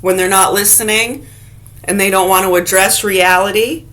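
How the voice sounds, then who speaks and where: A woman's voice: mid-range voice, steady tone, normal speed, a bit bright. A woman vlogging straight to camera in a blunt, profane rant with rambling casual asides.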